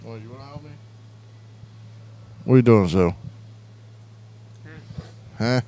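A man's voice: medium pitch, slow, background noise. A man hosting an internet radio show, chatting casually and crudely, rambling and reading out chat messages. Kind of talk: casual live-stream chat.

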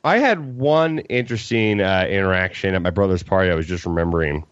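A man's voice: low-pitched, animated, brisk, clear, resonant tone, no room sound. A young man from Colorado, co-hosting a casual podcast, telling a story with lots of acted-out quotes, fillers and swearing. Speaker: podcast co-host. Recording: dull lo-fi podcast mic, dry.

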